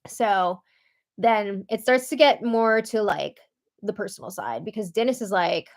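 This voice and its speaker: A woman's voice: medium pitch, expressive, a little slow. A woman hosting a casual reality TV recap, chatty and opinionated as she reads out quotes. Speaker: recap show host.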